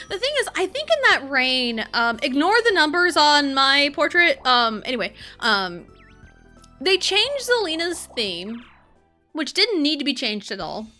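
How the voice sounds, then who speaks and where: Bright, lively woman streamer chatting while gaming. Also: high voice. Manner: rambling, swears a lot and rants in bursts of frustration. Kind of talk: casual live-stream chat while gaming.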